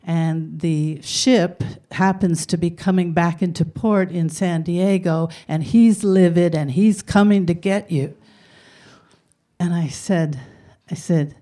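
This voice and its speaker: An older woman telling a personal story in a gentle, reflective way. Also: lowish voice.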